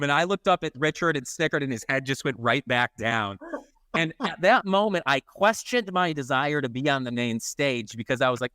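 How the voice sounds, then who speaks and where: Brief: man, podcast co-host, profane and lively, close dry mic. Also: on the high side, moderate pace, clean tone, dry recording. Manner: profane, swears constantly; lively, self-mocking storyteller. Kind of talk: casual storytelling chat.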